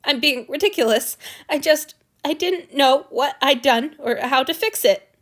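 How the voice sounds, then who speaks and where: A woman voicing an ancient male god who is awkward and anxious, speaking in a tense, halting, stiff way. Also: sits high, fairly bright tone, pitched above the performer's own voice. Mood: tearful.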